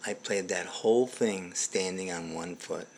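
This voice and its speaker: A middle-aged man hosting a comedy show, telling a rambling deadpan monologue full of fillers and restarts. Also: deep voice, a little slow, vocal fry, a little hiss or hum.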